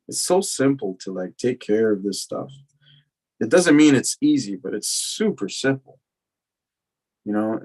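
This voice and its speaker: A man's voice: fairly low pitch, creaky, low-quality recording. Casual, profane man telling his recovery story. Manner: casual, profane, animated retelling with acted quotes. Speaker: recovery lecture speaker. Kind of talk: personal storytelling talk.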